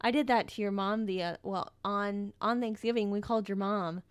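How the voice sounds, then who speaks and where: A woman's voice: medium pitch, fairly even intonation, moderate pace, clear, resonant tone. A woman co-hosting a podcast in playful casual chat, laughing easily. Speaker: podcast co-host.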